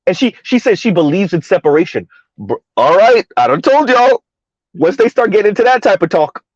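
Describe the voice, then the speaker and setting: A man's voice: high voice, big pitch swings, a little fast, no room sound, highs cut off. A man giving heated, mocking commentary in a ranting style, his voice jumping up sharply for emphasis. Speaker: online commentator.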